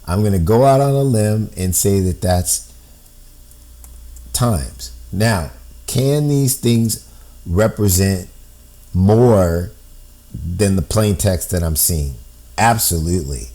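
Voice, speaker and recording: A man's voice: deep voice, lively intonation, takes it slowly, long pauses, dark tone. A man explaining a code on screen step by step, thinking aloud and often checking in with "right?". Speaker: amateur code-breaker.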